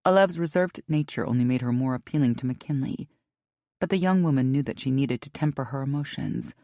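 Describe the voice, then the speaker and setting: A woman narrating an audiobook in a measured, even way. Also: extremely low pitch, dry recording.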